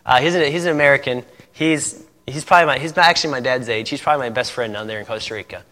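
In a big, echoing hall, a man preaches and tells a testimony with lively, bright, forceful energy. His mid-range voice moves at a quick pace, and he laughs a lot while acting out the other characters in his story, each line ringing with a long echo.

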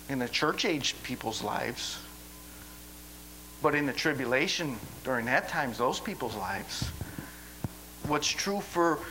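A man delivering a sermon in a high, bright voice. He talks in a folksy, rambling way, repeating words as he restarts his sentences. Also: low-quality recording. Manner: stammering restarts, folksy asides. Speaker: preacher.

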